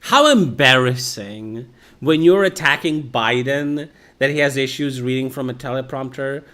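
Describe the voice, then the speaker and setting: A man's voice: mid-range voice, unhurried, a bit bright. A man hosting a reaction video, chatting casually with lots of swearing and laughter. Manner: profane, laughs often, chatty.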